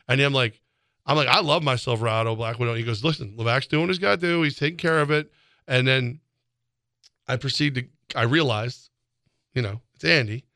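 A man co-hosting a sports radio show, telling rambling stories and reading ads with excitable energy. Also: medium pitch, no echo, studio quality. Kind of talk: sports talk and live-read ad.

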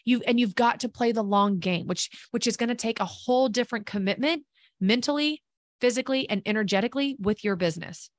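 A woman's voice: a little high, brisk, dry recording, clean studio sound. A woman hosting a podcast, giving a fervent, preachy motivational monologue with tough love and talk of faith. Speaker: podcast host and business coach.

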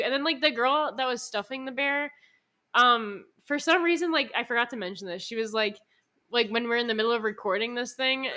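A woman's voice: fairly high pitch, bright, forceful tone. A woman in her twenties, co-hosting a podcast with her sister, rambling through a story with lots of swearing and laughter. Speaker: podcast co-host. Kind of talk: casual chat with her sister.

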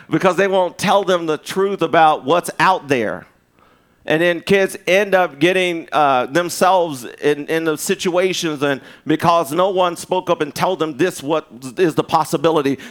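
A man preaching a sermon in a loose, conversational way, with restarts and asides, swinging from loud emphasis to hushed, and in his speech. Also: fairly high pitch, a little slow. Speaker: pastor.

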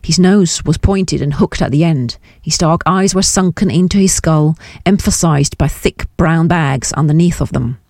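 A woman narrating a novel in a measured, descriptive audiobook reading. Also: low voice, a little mellow, dry recording, clean studio sound. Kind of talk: scripted narration.

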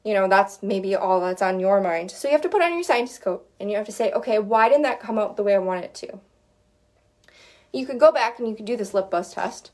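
A woman's voice: mid-range voice, expressive, fairly quick, a little mellow. A woman vocal coach teaching in a casual, chatty way, with lots of fillers and short sung demo notes.

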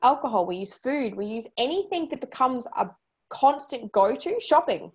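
Woman host, fairly high voice, earnest and insistent, casual chat. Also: animated, normal speed, darkish tone, slightly rough. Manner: earnest, emphatic, repeats points for stress. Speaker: podcast host.

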